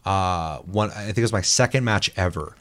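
A man chatting casually about a multiplayer game, telling animated stories and swearing a lot. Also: low voice, moderate pace. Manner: animated storytelling, heavy swearing. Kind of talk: casual gaming chat.

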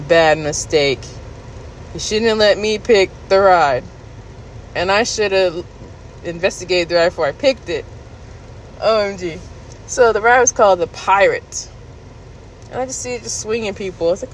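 A woman vlogger casually recounting a story to her viewers, candid and laughing, jumping into high squeals when she quotes herself. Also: moderate pace, slight background noise, low-quality recording. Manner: animated retelling, jumps to high squeals when quoting herself.

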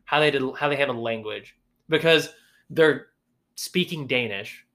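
A man co-hosting a podcast in casual chat, lively, breaking into raised voices when he quotes characters. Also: medium pitch, unhurried. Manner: animated, acts out quotes in a raised voice. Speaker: podcast co-host.

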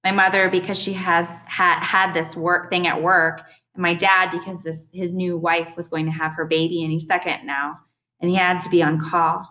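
A young adult woman reading a first-person audiobook in a steady, earnest storytelling manner. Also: lowish voice, moderate pace, low-quality recording. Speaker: audiobook narrator.

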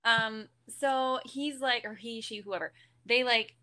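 A young woman guest on a podcast, excitedly retelling a funny story with giggles. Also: on the high side, takes it slowly. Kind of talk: casual storytelling chat.

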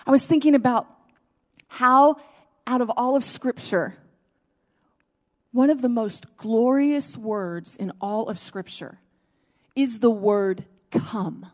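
A woman's voice: high voice, measured pace, in a large hall. A woman pastor preaching a sermon to a congregation, dropping to near-whispers and then rising to fervent exhortation. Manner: swings from hushed near-whispers to emphatic raised exhortation. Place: church service before a congregation.

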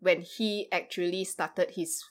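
A woman in her thirties shares her thoughts slowly, stopping and restarting with many fillers. Her voice sits a little low, and she has the gentle, searching tone of someone thinking aloud in a relaxed chat. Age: 30s. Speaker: ministry worker, panel guest. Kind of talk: reflective casual chat.

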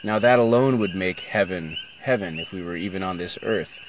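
A man's voice: low voice, moderate pace, slight background noise. A middle-aged man reading from a storybook and reflecting on it in a thoughtful, hesitant, moved way. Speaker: Christian speaker.

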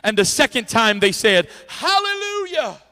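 A man's fiery revival sermon, delivered in a high voice through a church microphone. He swings between booming declarations and hushed asides, piling up repeated words as he builds. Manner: loud, impassioned, swings between shouting and quiet asides; repeats words in rapid runs. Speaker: revival preacher. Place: church sanctuary with a sound system. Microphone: handheld or stand microphone, volume adjusted by the sound man.

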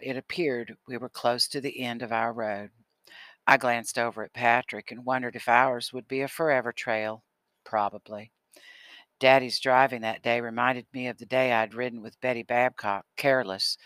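A man narrating an audiobook in a steady storytelling manner. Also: medium pitch, no echo. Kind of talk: scripted narration.

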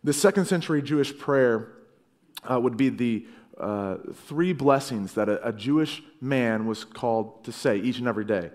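A man preaching a sermon as pastor, earnest, rising to loud emphasis and dropping to quiet low lines. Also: moderate pace.

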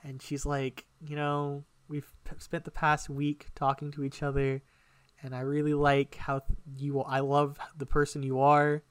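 A young man casually telling a personal story on a podcast, animated and emotional, swearing often. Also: on the high side, measured pace, clear, resonant tone, no echo. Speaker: podcast co-host.

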